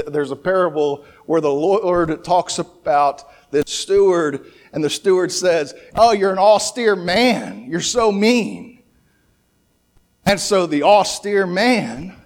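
A man with a high-pitched voice teaches from scripture in a loose, conversational sermon. He restarts his sentences often and throws out rhetorical questions as he works through each verse. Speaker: preacher.

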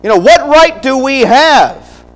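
A middle-aged man preaching with a notably high voice. He speaks emphatically in a preacher's cadence, restarting phrases and throwing in asides to his congregation. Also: animated, slow pace, a bit bright, long reverb tail, poor audio. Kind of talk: sermon.

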